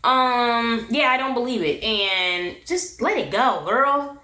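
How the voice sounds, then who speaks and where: Sassy high-voiced woman recapping TV. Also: slow. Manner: animated, sassy, laughs often. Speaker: recap vlogger. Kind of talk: casual reality TV recap. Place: her room. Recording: echoey room.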